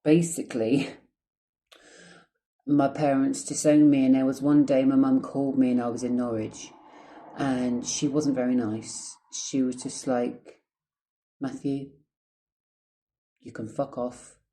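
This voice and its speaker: A man's voice: medium pitch, little pitch movement, unhurried, warm tone. A Scottish man telling a rambling personal story in a casual vlog, chatty and swearing often. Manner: rambling, chatty, heavy swearing, drifts off topic. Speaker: vlogger.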